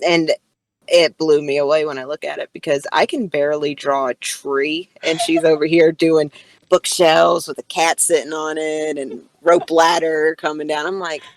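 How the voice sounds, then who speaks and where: A woman's voice: low voice, little pitch movement, normal speed, dry recording, poor audio. A woman co-hosting a podcast in casual chat, playful and teasing, laughing often. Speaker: podcast co-host.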